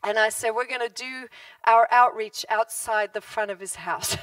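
A woman preaches in church, spinning a lively story and laughing often as she acts out the voices she quotes. Her voice sits fairly high and is picked up from a little way off the mic, with a dry sound and little room echo. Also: measured pace, far from the mic. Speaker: guest preacher. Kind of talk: storytelling sermon.

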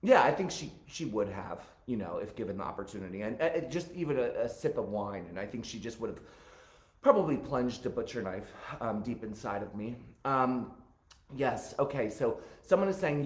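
A man hosting a live stream, answering viewer questions and telling stories in a campy, animated way. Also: mid-range voice, normal speed, reverberant. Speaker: host.

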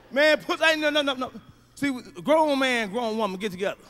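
A middle-aged male stand-up comedian doing a profane routine, swinging from low mutters to loud shouts. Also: lively intonation, brisk.

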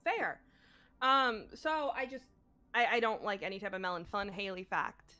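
A woman's voice: mid-range voice, animated, moderate pace, pushed and bright. A young woman chatting casually as a player in a tabletop game, rambling with lots of fillers and giggles. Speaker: player, ship captain's player.

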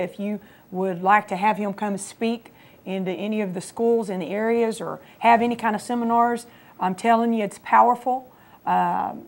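A woman's voice: mid-range voice, vocal fry, darkish tone. A woman co-hosting a Christian TV program, encouraging her husband to tell his testimony. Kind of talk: faith testimony chat. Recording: local cable TV studio.

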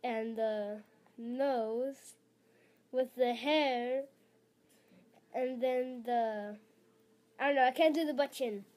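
Woman, high voice, slow halting reaction commentary, giggly fillers. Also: fairly even intonation, darkish tone. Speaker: reaction video maker. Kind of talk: casual rambling commentary.

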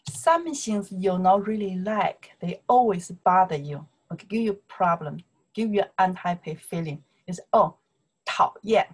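A woman with a Chinese accent and Mandarin as her first language, teaching a casual online lesson. She speaks slowly and repeats "okay?" again and again to check that her students follow. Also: fairly low pitch, slightly rough. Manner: slow, repetitive, checks in with "okay?" constantly.

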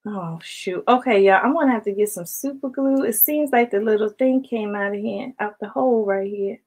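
A woman with a voice a little higher than most talks casually through a haul on a late-night stream at home. She chats easily and keeps calling her viewers y'all. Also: fairly quick, darkish tone. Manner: chatty, addresses viewers as y'all, greets chat commenters. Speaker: planner vlogger hosting a late-night live stream. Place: at home, indoors.

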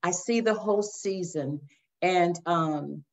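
An older woman minister sharing her testimony in a faith interview, telling it with lively storytelling and acting out the voices. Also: lowish voice, slow pace. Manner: animated storytelling, acts out voices, addresses listeners as y'all. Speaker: guest minister. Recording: dull lo-fi sound.

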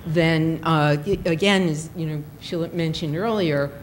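A woman's voice: low voice, fairly even intonation, unhurried, a little hiss or hum, poor audio. A woman official answering audience questions at a forum, hedging with many "you know" fillers. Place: public forum.

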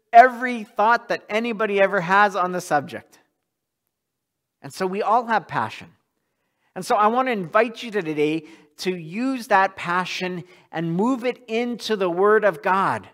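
A man's voice: high voice, a little slow, a bit bright. A male pastor preaching a sermon in a church, earnest and often repeating words as he restarts a thought.

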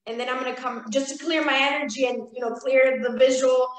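Animated woman telling a story, echoey room. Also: sits high, a little fast. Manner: animated, laughing, acts out her own lines. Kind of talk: casual storytelling on a live stream.

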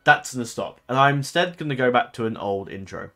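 A man's voice: mid-range voice, expressive, a little fast, sharp tone. A man hosting a gaming channel, chatting casually to his viewers in a rambling, hesitant way, often correcting himself and filling gaps with ums.

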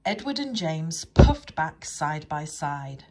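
Husky woman reading a children's story. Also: low voice, big pitch swings, slow, few pauses, a little mellow. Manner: chatty asides.

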